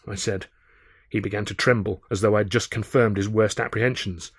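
A man reading his own novel aloud in brooding, measured first-person narration, often sinking quiet. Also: lowish voice, steady tone, breathy edge, no echo, studio quality. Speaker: author and narrator.

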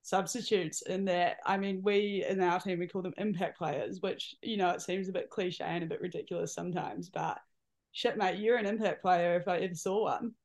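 A woman with a New Zealand accent hosting a casual sports chat, animated and slangy, calling her guest "mate". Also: lowish voice, normal speed. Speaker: podcast host, teammate.

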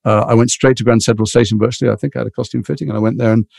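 Man, middle-aged, gravelly, quick talker, dry close sound, animated storyteller. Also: medium pitch, no echo. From England. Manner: animated storyteller acting out voices. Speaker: actor guest. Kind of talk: anecdotal interview chat.

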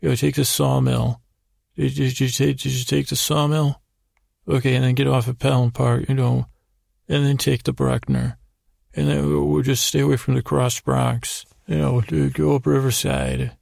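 Gravelly man rambling through a sleep story. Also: medium pitch, little pitch movement, a little mellow, no room sound, clean studio sound. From United States. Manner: meandering, halting, full of restarts. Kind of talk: rambling improvised bedtime story.

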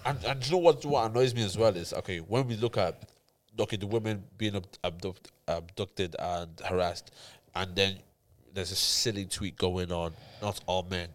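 A man co-hosting a casual podcast chat, animated and quick to laugh. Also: sits low, a little hiss or hum. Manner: animated, laughs often, slangy. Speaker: podcast co-host.

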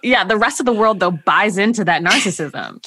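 A woman from Canada chatting on a podcast, self-deprecating and quick to laugh. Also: mid-range voice, lively intonation, bright, forceful tone, dry recording. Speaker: senior writer, podcast guest. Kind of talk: casual podcast chat.

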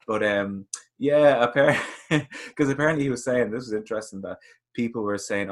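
A man's voice: mid-range voice, moderate pace. A man co-hosting a podcast, chatty and jokey, addressing the listeners directly. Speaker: podcast co-host. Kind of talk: casual chat.

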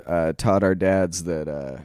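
A young man with a very low voice riffs jokingly on a comedy podcast. The recording is dry and close, with no room sound. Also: unhurried, darkish tone, no echo. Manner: joking, does silly voices. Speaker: podcast co-host. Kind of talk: casual comedic chat.

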